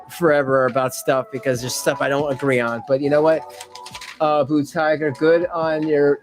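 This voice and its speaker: A man's voice: mid-range voice, rough recording. A man hosting a casual livestream, rambling, interrupting himself and laughing often as he reads chat aloud. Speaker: livestream commentary host.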